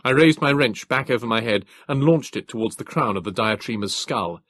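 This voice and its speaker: A man narrating an audiobook in a measured, formal storytelling voice, recorded close on a studio mic. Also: medium pitch, expressive, fairly bright tone, no room sound.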